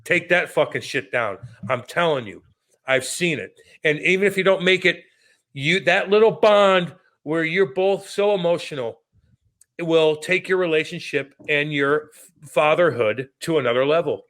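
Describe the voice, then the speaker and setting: Profane, animated man telling stories. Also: a little high, moderate pace. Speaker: podcast co-host. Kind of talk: casual chat.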